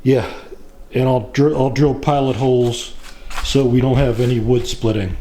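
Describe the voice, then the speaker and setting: A middle-aged man narrating his woodworking project in a casual, plain-spoken way, pausing often with fillers. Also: medium pitch, fairly even intonation, warm tone, slight background noise. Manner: slow, plain-spoken, with frequent pauses and fillers. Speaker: woodworking channel host.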